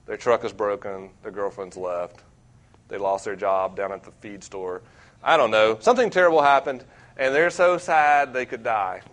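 A young man preaching as a campus minister, earnest and self-deprecating, with wide swings between loud and quiet. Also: lowish voice, moderate pace. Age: young adult. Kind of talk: sermon.

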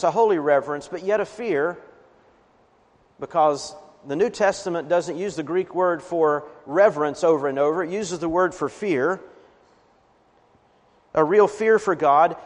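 A man preaching a sermon as a pastor, earnest, swelling with emphasis on key words. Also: a little high. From Appalachian region of the US. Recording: reverberant hall.

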